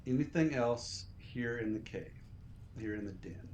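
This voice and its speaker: A man running a tabletop game as game master, talking in a relaxed way with many fillers. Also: mid-range voice, unhurried, slight background noise.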